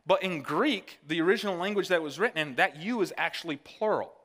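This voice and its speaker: A man's voice: high voice, fairly quick, fairly bright tone, long reverb tail. A male pastor from the northern United States giving a conversational sermon and checking in with the congregation with "all right?". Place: church sanctuary.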